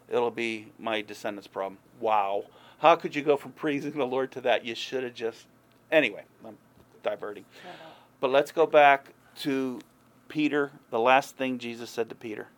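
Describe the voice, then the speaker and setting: A male pastor delivering a sermon with a rough, gravelly edge to his voice. He talks earnestly but conversationally, dropping in folksy asides between points. His pitch sits in an ordinary middle range.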